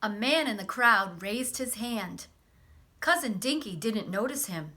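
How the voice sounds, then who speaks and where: Bright, slow woman reading a storybook. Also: a little high, animated. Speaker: guest reader. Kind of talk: reading a children's book aloud.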